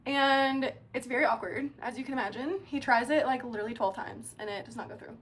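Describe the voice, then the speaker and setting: A young adult woman telling a dating story in a casual, animated way, with lots of "like" fillers. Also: sits high, brisk. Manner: chatty, animated, heavy use of filler "like".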